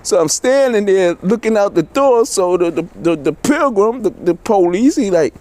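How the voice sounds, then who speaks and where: Middle-aged male storyteller, profane street style, lively swooping delivery, slightly higher voice. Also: normal speed. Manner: animated, swears constantly, voices characters in quotes.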